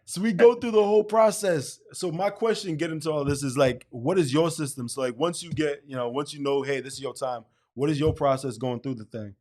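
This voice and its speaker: A man hosting an interview, telling a story in an animated way and laughing often. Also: on the high side, a little fast, hardly any pauses. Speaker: host.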